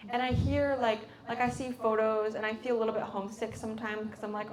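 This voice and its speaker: A teenage American girl on exchange tells her story in a casual hosted chat, her voice fairly high and flat. She talks quickly with barely a pause, packing in fillers and acting out her own reactions.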